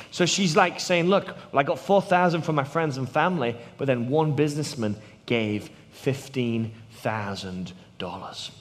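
A man's voice: medium pitch, unhurried, hardly any pauses. British man preaching in a reverberant hall. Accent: British English. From England. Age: 30s. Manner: storytelling, drops to hushed tones for effect. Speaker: missionary preacher. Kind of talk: sermon.

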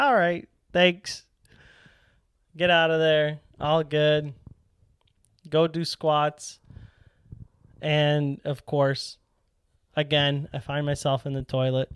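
A young man telling a casual, animated story as a powerlifting vlogger, acting out his own past lines with sudden excited jumps in voice. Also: clean tone, no room sound, clean studio sound. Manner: animated, quotes himself in excited high voice.

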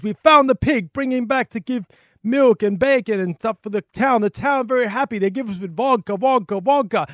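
A man's voice: extremely high pitch, dry recording, studio quality, pitched above the performer's own voice. A man putting on a mock Russian accent to play a boastful old army general who speaks broken English. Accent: put-on Russian.

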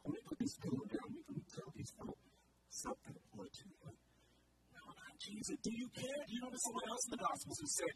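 A man's voice: very high voice, fairly quick. A male preacher giving a conversational sermon and asking the congregation questions. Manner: animated, conversational, asks the crowd questions. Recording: distant mic, loud background noise.

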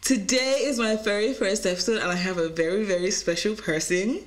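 A woman's voice: mid-range voice, a little fast. A young woman hosting her own podcast, chatting casually in a rambling, laughing way. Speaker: podcast host.

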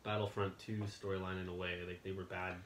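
A man's voice: deep voice, flat delivery, a little fast, reverberant, a crowd in the background. A young man hosting a podcast in casual chat, easygoing and curious, asking his co-host questions.

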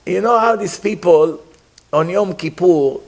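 Guy giving a torah class, keeps asking the room questions, throws in hebrew words, pretty high voice. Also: a little slow, vocal fry. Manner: asks the listeners rhetorical questions; mixes Hebrew terms into his English. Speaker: Torah teacher. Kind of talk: religious class.

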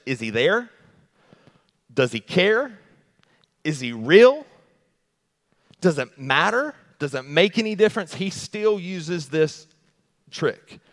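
A male pastor preaching an animated sermon, repeating rhetorical questions to the congregation. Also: on the high side. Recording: long hall reverb.

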